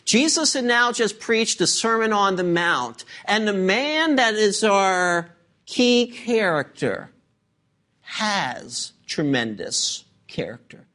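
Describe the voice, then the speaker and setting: Emphatic, animated preacher. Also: medium pitch, takes it slowly. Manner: rhetorical questions to the congregation. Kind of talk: sermon.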